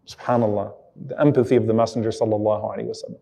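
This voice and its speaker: A man's voice: on the low side, flat delivery, racing, creaky, mellow, lo-fi sound. A man giving an Islamic lecture, retelling an emotional story earnestly and quoting Arabic passages. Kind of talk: sermon-style storytelling lecture.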